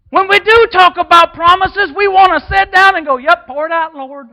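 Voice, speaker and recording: A man preaching a sermon as assistant pastor in a church, passionate and folksy, swinging between shouts and quiet asides. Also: very high-pitched, steady tone, moderate pace, few pauses. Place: church sanctuary.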